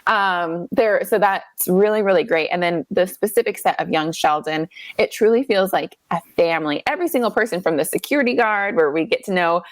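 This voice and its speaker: A woman in her thirties, a guest from the United States, chatting at home over a laptop video call in an animated way, full of "like". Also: lowish voice, brisk, few pauses, no echo. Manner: chatty and animated, many fillers like "like". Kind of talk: casual interview chat.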